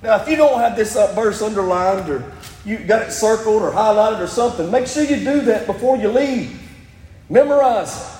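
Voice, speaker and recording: The sermon comes from a male pastor whose voice is strikingly high, resounding through an echoey church sanctuary with a long reverb tail. As he cites scripture, he builds to loud, emphatic climaxes.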